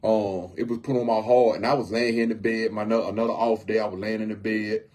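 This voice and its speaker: A man's voice: fairly low pitch, flat delivery, fast talker, a little mellow. A man talking casually on a livestream from home, earnest and often repeating himself as he speaks about helping people in need. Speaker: homeless outreach volunteer.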